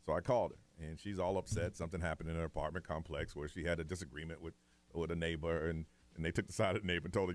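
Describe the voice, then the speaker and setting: A man's voice: sits low, fairly even intonation, very fast. A man hosting a morning radio show, telling a family story in casual chat and acting out the voices of relatives.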